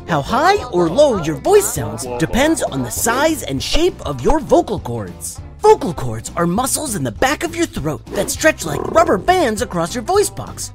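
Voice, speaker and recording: A woman hosting a children's educational show, giving an upbeat, playful scripted explanation. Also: on the high side. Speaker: host of a kids' explainer show.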